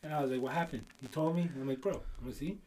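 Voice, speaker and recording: A man's voice: medium pitch, rapid-fire, darkish tone, distant mic, slight background noise. A man in his thirties co-hosting a podcast, telling a profane story and acting out the dialogue with laughter. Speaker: podcast co-host. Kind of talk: casual storytelling chat.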